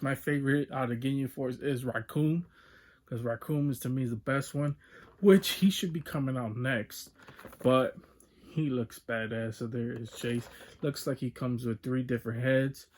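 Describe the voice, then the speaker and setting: A man from the United States hosting a casual toy unboxing vlog, rambling and relaxed, often saying "so there's that". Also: medium pitch, a little hiss or hum. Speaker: toy unboxing channel host. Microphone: phone or webcam on desk.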